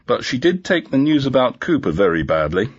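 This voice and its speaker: A man's voice: mid-range voice, very animated, brisk, slightly rough, dull audio, pitched above the performer's own voice. A man voicing a dry, teasing woman police inspector in a storybook reading. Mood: wry.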